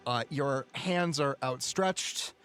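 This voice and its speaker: A man's voice: medium pitch, slow, a bit bright. A man narrating a tabletop role-playing game as game master, in an amused manner.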